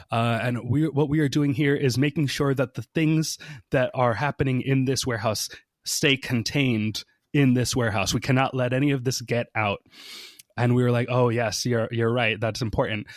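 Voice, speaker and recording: A man's voice: medium pitch, fairly even intonation, moderate pace, no room sound. Chatty man telling a story, dry sound. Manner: chatty, many fillers, acts out quoted people. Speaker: podcast guest. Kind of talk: casual storytelling on a podcast.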